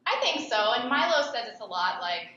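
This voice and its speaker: A woman's voice: fairly high pitch, big pitch swings, a little fast, bright, forceful tone, muffled recording. A young adult woman answering interview questions in a blunt, scornful way. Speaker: podcast host and interview guest. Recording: echoey room with faint noise.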